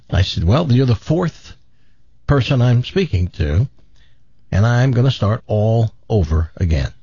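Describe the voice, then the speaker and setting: A man's voice: medium pitch, sing-song, measured pace, dark tone, slightly rough, no room sound, muffled recording. A man animatedly retelling a frustrating story, exasperated, acting out the people he quotes. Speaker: caller telling a story. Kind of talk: casual storytelling on a talk show.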